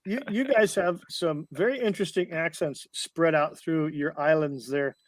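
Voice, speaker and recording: A man's voice: on the high side, moderate pace, slight background noise. A man from the United States chatting casually in a jokey, rambling way with many restarts. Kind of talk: casual chat.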